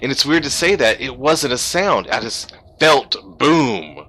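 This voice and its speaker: A man's voice: medium pitch, lively intonation, measured pace, pushed and bright. A man in his thirties, a pastor and streamer, giving a heartfelt, rambling personal testimony over a gaming headset. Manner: heartfelt and emotional, rambling with restarts.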